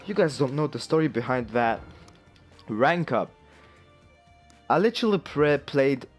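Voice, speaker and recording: A man giving live commentary while playing a fighting game, cursing constantly and swinging from low muttering to angry yelling. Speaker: gamer.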